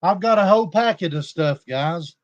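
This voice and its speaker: A man's voice: sits high, expressive, normal speed, lo-fi sound. A man talking casually to viewers on a livestream, aggrieved and confrontational as he addresses a rival and his audience. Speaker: YouTube livestreamer.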